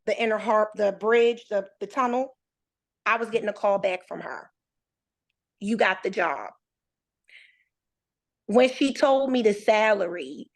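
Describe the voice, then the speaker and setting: Her voice a little high, a thirty-something woman appears as a podcast guest and tells a personal story conversationally. She brings it to life by performing the quoted voices of the people in it.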